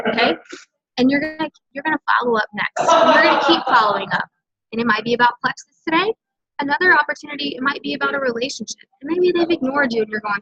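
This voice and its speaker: A woman's voice: sits high, a bit bright, breathy edge, highs cut off. A woman leading a sales team, giving an emphatic motivational talk and often checking in with "okay?". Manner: emphatic, coaching, often tags lines with "okay?". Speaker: senior direct-sales team leader.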